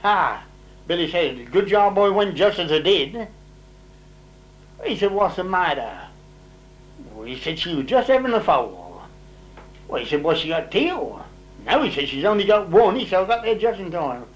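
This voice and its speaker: A man's voice: high-pitched, moderate pace, pauses often, low-quality recording. An older man tells long farm stories in a rambling, casual way. He uses dialect grammar and acts out what other people said. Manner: rambling, dialect grammar, lively when voicing others' words. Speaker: interviewee telling old farm stories. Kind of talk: casual storytelling.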